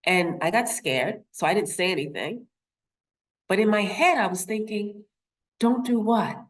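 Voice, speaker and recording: A woman's voice: medium pitch, expressive, unhurried. A woman in her fifties, a nurse, speaks to an audience. She tells a personal story, poses rhetorical questions and acts out the voices of the people she quotes. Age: 50s.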